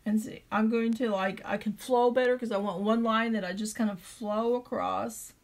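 A middle-aged woman with a Southern drawl hosts a homemade craft tutorial. Her voice sits a little high, and she chats along as she works, thinking aloud about each step. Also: fairly even intonation, normal speed. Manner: chatty, thinks aloud while drawing. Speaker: craft video host.

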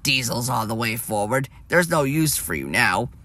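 A man's voice: medium pitch, lively intonation, normal speed, bright, forceful tone, dry recording. A man voicing a grumpy, boastful male diesel engine who talks with a sneer. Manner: sneering and scornful.

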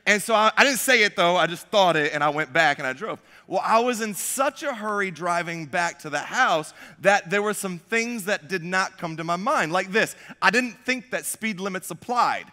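Young male pastor, high bright voice, casual self-deprecating storyteller, church hall reverb. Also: animated, moderate pace, hardly any pauses. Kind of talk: sermon. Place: church sanctuary.

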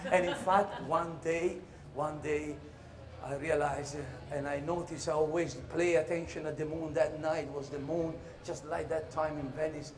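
Male stage performer, comic monologue, high voice, lively acting. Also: moderate pace. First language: Italian. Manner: animated storytelling, jumps into shouted voices and laughter.

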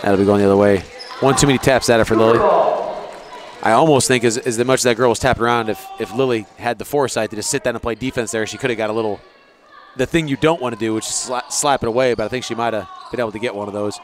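A man gives relaxed, chatty play-by-play commentary for a local basketball game, with asides. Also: mid-range voice, quick pace. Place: school gym. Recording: noisy gym ambience. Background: crowd and bouncing balls.

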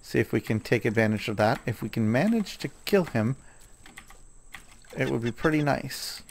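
A man's voice: mid-range voice, expressive, moderate pace, creaky, a little hiss or hum. A man casually commenting on his own gameplay, chatting to himself and scolding the animals in the game.

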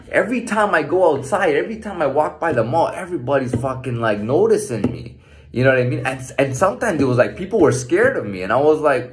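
A man in his thirties tells a story from his own life in a loose, rambling way. His pitch swings up and down with animation, and his speech is peppered with swearing and "like" fillers. The tone stays casual and conversational throughout. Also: lively intonation, quick pace, noisy background. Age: 30s. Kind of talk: casual personal storytelling monologue.

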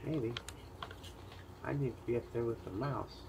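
A man's voice: mid-range voice, unhurried, creaky, background noise. A man voicing a frightened male rat that hopes to hide and pleads nervously, in a zookeeper's video. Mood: anxious.

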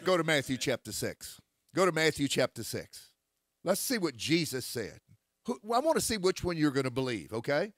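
Lively, forceful man preaching. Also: fairly high pitch, moderate pace, dry recording. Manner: forceful, scripture-quoting, rising to shouts. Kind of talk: critical sermon.

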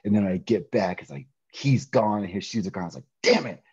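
A middle-aged man telling a personal story in a podcast interview, animated, often laughing and acting out quoted voices. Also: fairly low pitch, brisk, husky, dry recording, lo-fi sound. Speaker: interview guest, pro wrestler.

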